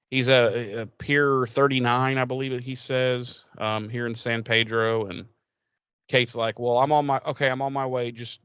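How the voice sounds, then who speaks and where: A man's voice: mid-range voice, fairly bright tone, clear, resonant tone, no room sound. A man co-hosting a podcast, casually recapping an episode in a rambling, profane way and acting out the characters' lines. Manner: rambling, profane, laughs often, acts out characters. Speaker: podcast co-host.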